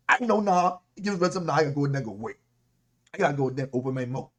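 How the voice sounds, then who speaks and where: A Caribbean-accented man preaching a sermon as a deacon, his voice sitting somewhat high. He talks in a lively, repetitive way, circling back on his words and chuckling between points. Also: rapid-fire. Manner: animated, repetitive, laughing preacher.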